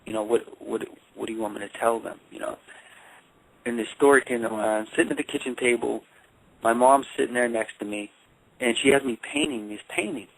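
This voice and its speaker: Man, life coach, phone interview, gravelly voice, halting, repeats words. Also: medium pitch, steady tone, low-quality recording.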